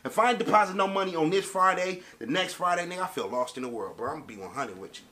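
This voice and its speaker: A man's voice: sits high, lively intonation, fast talker, sharp tone. A man telling a story to camera as a casual rant, with streetwise slang and emphatic delivery. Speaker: vlogger.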